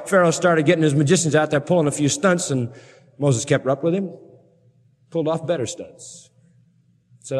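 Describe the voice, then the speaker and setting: Animated preacher man, long reverb. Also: fairly high pitch, fairly quick, long pauses. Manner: animated, dramatic Bible storytelling with voiced quotes. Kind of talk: sermon.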